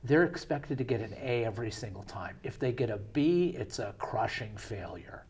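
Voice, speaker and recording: Middle-aged male host, husky voice, chatty storyteller who sets up questions with anecdotes. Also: mid-range voice, expressive, moderate pace, darkish tone. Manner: conversational storyteller, chatty with fillers. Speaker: show host.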